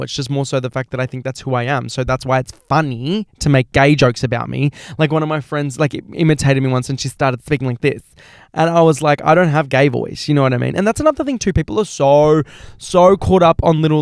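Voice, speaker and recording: A young Australian man talks through listener questions on his podcast, loose and rambling, often circling back with filler phrases. His voice sits a little high and comes across smooth and resonant. The sound is close and dry, with no room around it. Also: dry recording. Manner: rambling, animated, heavy use of filler phrases. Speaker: podcast host. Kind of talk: casual solo chat answering questions.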